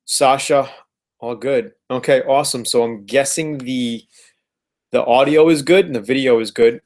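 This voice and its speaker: A man's voice: mid-range voice, normal speed, a little mellow. A man hosting a casual live stream from home, upbeat and fond of repeating words as he greets viewers. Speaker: host of a live car-flipping webinar.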